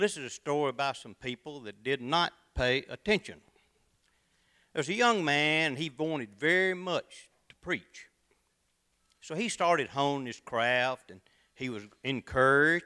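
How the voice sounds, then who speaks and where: A man from Tennessee, telling a comic tall tale to an audience in a folksy, dramatic manner. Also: mid-range voice. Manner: folksy, dramatic, shifts between loud and quiet. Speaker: contestant storyteller.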